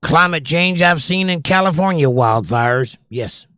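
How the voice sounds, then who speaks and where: A man's voice: fairly high pitch, lively intonation, unhurried, pushed and bright, no echo, studio quality. Opinionated man ranting on a livestream. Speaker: livestream host. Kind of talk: casual livestream chat reading viewer comments.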